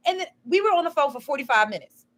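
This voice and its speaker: A woman's voice: high-pitched, animated, quick pace. A woman chatting casually on a live stream, telling a rambling story full of "you know" and "um".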